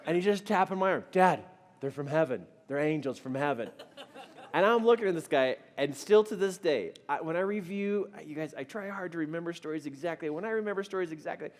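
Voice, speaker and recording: A middle-aged man tells a humorous personal story to an audience, mocking himself as he goes. His voice is high for a man and swings widely in pitch. The sound carries a long echo from a hall. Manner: animated, humorous, self-mocking. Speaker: speaker telling a personal story.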